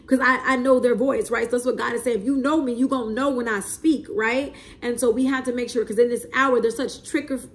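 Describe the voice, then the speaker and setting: A woman, preaching prophecy in a spontaneous, emphatic way, repeating herself and often asking "okay?" and "right?". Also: a little high. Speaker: self-described prophet.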